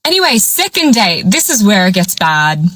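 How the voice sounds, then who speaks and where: A woman's voice: mid-range voice, moderate pace, low-quality recording. A young woman telling a dating storytime, acting out what people said along the way. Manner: animated, acts out quoted dialogue. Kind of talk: storytime vlog.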